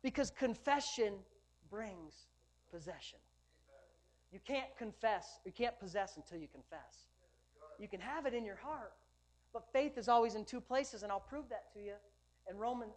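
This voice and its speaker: A woman pastor delivering an emphatic, rhythmic sermon. Her voice sits a little higher than most, and she breaks into lighthearted asides between her points. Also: moderate pace, darkish tone.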